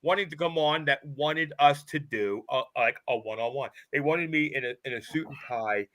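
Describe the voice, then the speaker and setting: A man's voice: mid-range voice, moderate pace, pushed and bright, dry recording. A man co-hosting a live hobby talk show, talking emphatically and restarting phrases as he makes his point. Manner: emphatic, repeats words as he builds a point. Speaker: co-host.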